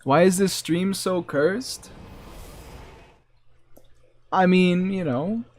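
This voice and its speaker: A man commentating his own gameplay for a live audience, his voice sitting a little high for a man. He talks slowly and rambles, teasing himself and his viewers in a self-mocking tone. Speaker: game streamer.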